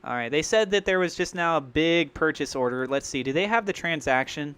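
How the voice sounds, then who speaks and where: A man hosting a crypto livestream, rambling and thinking out loud in an excitable way. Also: a little high, brisk, clear, resonant tone. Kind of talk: live-streamed crypto commentary.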